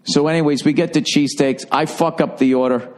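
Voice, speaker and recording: A man's voice: a little high, a little fast. A middle-aged man from the Boston area hosting a podcast, telling a rambling, profanity-laced story in a casual monologue. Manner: profane, rambling, animated when doing quoted voices. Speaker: podcast host.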